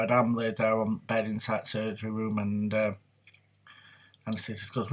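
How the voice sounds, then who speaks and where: A man's voice: on the low side, fairly even intonation, fairly quick, fairly bright tone. A man talking openly in a rambling, confessional way on his personal vlog. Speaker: vlogger. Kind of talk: candid personal vlog talk.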